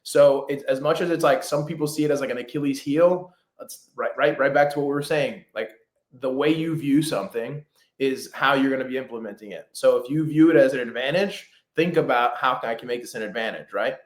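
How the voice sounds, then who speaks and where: In a casual interview with a roomy echo, a medium-pitched man who trains people on real estate scripts describes himself as a fast talker. His speech is loaded with fillers and restarts.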